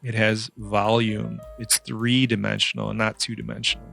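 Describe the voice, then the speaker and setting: Gravelly-voiced man teaching drawing. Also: on the low side, flat delivery, moderate pace, a bit bright, faint music behind. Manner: chatty, playful, quizzes the viewer. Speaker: drawing instructor. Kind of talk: casual drawing tutorial narration.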